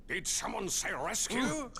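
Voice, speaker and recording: A suave, theatrical candelabra who speaks slowly with a gravelly edge. His pitch rises and falls with flair. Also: sharp tone, heavily acted.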